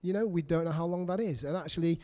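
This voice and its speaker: A man's voice: a little high, quick pace, dark tone. A middle-aged man preaching a sermon, earnest and repetitive, putting questions to the congregation.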